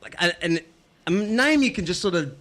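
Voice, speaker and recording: A man's voice: sits high, animated, normal speed, a bit bright. A man hosting a podcast, joking and teasing in casual chat. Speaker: podcast host.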